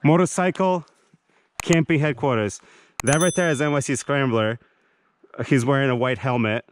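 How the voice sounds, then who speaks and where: A man's voice: medium pitch, moderate pace, a little hiss or hum. A man hosting a casual camping vlog in a forest, teasing his friends and talking in a rambling, joking way. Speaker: vlogger. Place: outdoors in a forest campsite.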